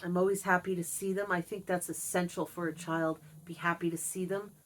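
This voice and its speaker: A woman's voice: fairly low pitch, level tone, fairly quick, a little hiss or hum. A middle-aged woman talking candidly to camera about her childhood and her pets, reflective and confiding. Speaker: vlogger. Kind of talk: candid personal monologue.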